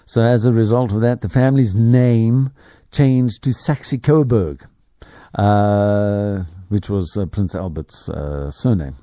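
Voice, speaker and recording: A man's voice: on the low side, fairly even intonation, slow, warm tone, no echo, studio quality. A man hosting a business show, giving opinionated commentary in a rambling way with many fillers and restarts. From Africa. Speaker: host.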